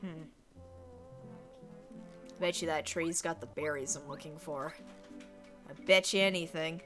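A woman's voice: deep voice, steady tone, measured pace, music in the background. A woman streamer chatting casually through a game, chatty and exclamatory with frequent giggles.

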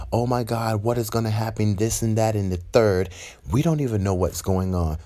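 A man's voice: lowish voice, dark tone, natural voice. A man voicing a stern young male class leader who lectures bossily. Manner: lecturing, bossy.

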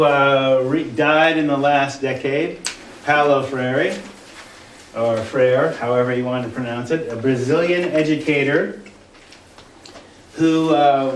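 A male college instructor giving a conversational classroom lecture, halting often with fillers and restarts. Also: on the high side, slight background noise. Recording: roomy classroom from a distant mic.

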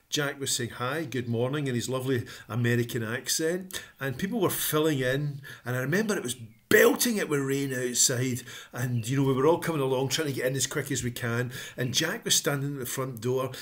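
A man talking casually to camera as a motivational vlogger, upbeat and encouraging, with frequent ums. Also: mid-range voice.

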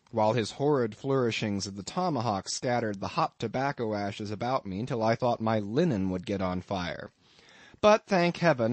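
A man narrating an audiobook in an expressive, dramatic reading. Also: lowish voice, no echo.

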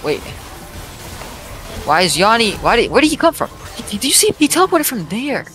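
Man, gaming streamer, animated pitch, play-by-play calls, repeats himself. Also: brisk, soft background music. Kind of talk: excited gameplay chat.

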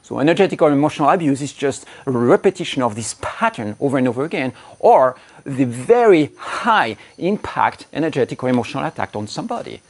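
A man's voice: mid-range voice, big pitch swings, brisk, few pauses. Blunt, swearing male relationship coach. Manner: blunt, emphatic, swears freely, acts out angry quotes. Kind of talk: direct-to-camera coaching talk.

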